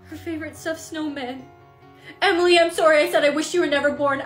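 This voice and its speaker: A woman's voice: high voice, fairly even intonation, quick pace, soft background music. A young woman, a content creator, acting in comedy skits with a dramatic, whiny delivery.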